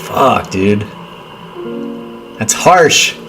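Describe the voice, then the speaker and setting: A man's voice: lowish voice, expressive, very slow, bright, forceful tone, soft background music. A young man hosting a casual movie watchalong stream, stammering and repeating his words and saying "dude" a lot. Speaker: livestream host.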